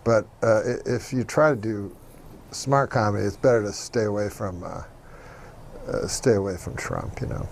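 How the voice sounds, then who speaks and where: A man's voice: on the low side, normal speed, slight background noise. A man answering in an interview, hesitant and full of "uh" and restarts. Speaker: interview guest. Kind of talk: casual interview chat.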